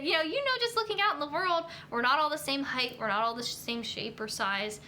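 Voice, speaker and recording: During a casual nutrition live stream, a young woman answers viewer comments as they arrive. Her bright, slightly high voice moves a little fast with few pauses, packed with ums and you-knows. A faint room hum sits underneath.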